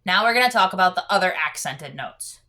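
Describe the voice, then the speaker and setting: A woman's voice: fairly low pitch, lively intonation, a little fast. A woman teaching a piano lesson, explaining patiently and singing out counts while she plays. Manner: patient, demonstrates with sung counts. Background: piano playing.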